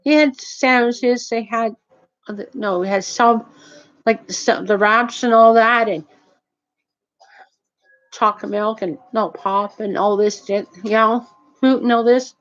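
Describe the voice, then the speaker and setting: A woman tells a story in a rambling, indignant rant, full of restarts, swearing and loose grammar. Her voice sits fairly high. The audio is dull and lo-fi. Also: fairly even intonation, slow pace, long pauses. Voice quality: heavy swearing, nonstandard grammar. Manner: indignant, rambling with restarts and "you know what I mean".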